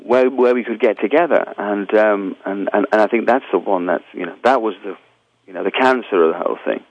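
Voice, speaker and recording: An English man answering interview questions in a halting, rambling way, full of restarts. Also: fairly low pitch, husky, dull audio. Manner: halting, many restarts and fillers. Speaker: musician guest.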